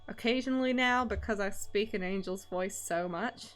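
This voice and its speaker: A woman's voice: medium pitch, normal speed, hardly any pauses, soft background music. Chatty woman streamer, laughs a lot. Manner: rambling, laughs often, lots of ums. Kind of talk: casual stream chat. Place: lives in Scotland.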